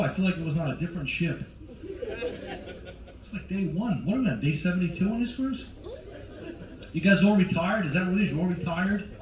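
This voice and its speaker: A man's voice: sits high, darkish tone. A middle-aged male stand-up comedian in a cruise ship show lounge, brashly teasing the audience as he works the crowd. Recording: roomy, distant, faint crowd ambience.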